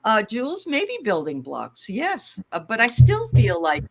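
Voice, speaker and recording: A woman's voice: fairly high pitch, wildly swooping pitch, measured pace. Chatty woman hosting a dream-reading stream. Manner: chatty, warm interjections and fillers. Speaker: host reading viewer dreams.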